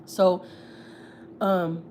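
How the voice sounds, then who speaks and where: A woman's voice: on the low side, little pitch movement, very slow, a little mellow, a little hiss or hum. A woman, a family vlogger, tells gossip on a livestream in a blunt, heated, profane way. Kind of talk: casual storytelling, gossip.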